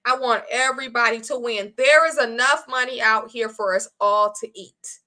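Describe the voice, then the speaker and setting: A woman selling her online design course in casual live-stream chat, animated and chatty, often calling her viewers y'all. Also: on the high side, moderate pace.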